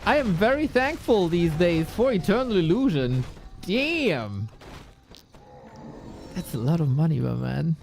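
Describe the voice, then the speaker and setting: Man, esports caster, high voice, unhurried pace, excitable, exclamatory. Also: creaky, soft background music. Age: adult, long-time caster. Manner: excitable, exclamatory, swears freely. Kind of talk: live stream game commentary.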